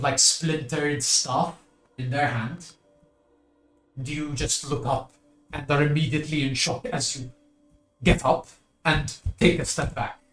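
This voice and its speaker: Male game master narrating a tabletop game, unhurried, echoey room with music bed. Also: on the high side, fairly bright tone. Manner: slow, descriptive second-person narration.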